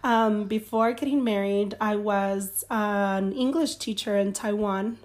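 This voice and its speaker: A woman in her thirties speaks as a podcast guest in an easygoing, friendly way. She talks slowly and laughs along with the host. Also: mid-range voice, fairly even intonation, darkish tone. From California. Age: 30s. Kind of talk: casual podcast chat.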